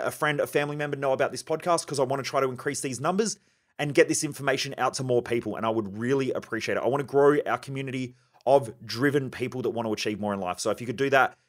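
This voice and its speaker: Male podcast host, mid pitch, emphatic solo coaching talk. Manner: emphatic, coaching tone with acted-out example dialogues.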